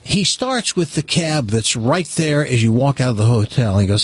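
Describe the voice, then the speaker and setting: A man's voice: medium pitch, moderate pace, slightly rough. A man hosting a radio talk show, chatting casually and telling a long joke, acting out the characters. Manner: animated storyteller, voices characters in a joke.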